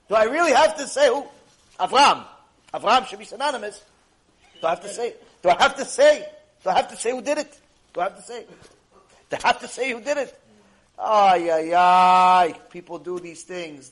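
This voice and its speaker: A man with a high-pitched voice delivers a lively Torah lecture in laced with words. He slips into the voices of the people in his stories and hammers his points home by repeating phrases over and over. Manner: acts out quoted characters, repeats phrases for emphasis. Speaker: Torah teacher.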